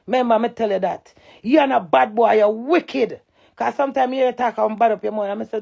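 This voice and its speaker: A loud, cantankerous middle-aged Jamaican woman ranting on a live stream. Her voice is gravelly with a lot of fry, and she swears freely in thick patois. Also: a little high, brisk, lo-fi sound. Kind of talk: heated live-stream rant.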